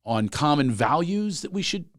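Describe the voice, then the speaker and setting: A man hosting a comedy podcast in a loose, joking chat. His pitch swings widely as he jumps into impressions and punchlines. The sound is dry and close-miked, with no room echo. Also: moderate pace. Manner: animated, joking, breaks into impressions. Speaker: podcast host. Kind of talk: casual comedic interview chat.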